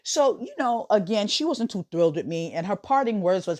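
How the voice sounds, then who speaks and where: An American woman hosting a podcast, talking casually in an animated way, laughing often and swooping up high for emphasis. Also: fairly quick, few pauses. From United States. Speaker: podcast host. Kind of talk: casual monologue.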